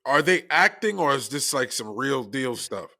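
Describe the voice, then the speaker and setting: Male podcast co-host, lively bright voice, chatty and chuckling. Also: medium pitch, normal speed, vocal fry. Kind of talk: casual chat.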